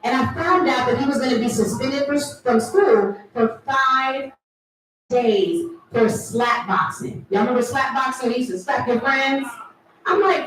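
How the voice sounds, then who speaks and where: High-voiced woman doing stand-up. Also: measured pace, a bit bright, a little hiss or hum. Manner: crowd work, playful and teasing. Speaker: stand-up comedian. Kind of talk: stand-up comedy set. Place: live comedy event venue. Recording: echoey room, from far off.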